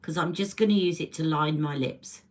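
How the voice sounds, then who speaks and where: A British woman's voice sits low with a darkish tone and moderate pace as she hosts a casual makeup livestream from home. She chats, rambles and greets viewers, and the camera-mic recording is rough.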